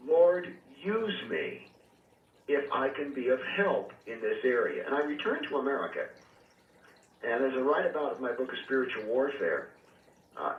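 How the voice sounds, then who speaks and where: A man who is a reverend and exorcist, calling in as a radio guest and earnestly recounting his experiences with measured pauses and fillers. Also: medium pitch. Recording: tinny phone line, echoey and distant, faint hiss.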